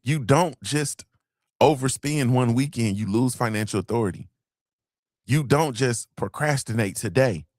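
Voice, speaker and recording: A man's voice: medium pitch, a little slow, darkish tone, no room sound, clean studio sound. A man hosting a motivational podcast livestream, preaching and repeating his points, swearing casually and asking "you feel me". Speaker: podcast host.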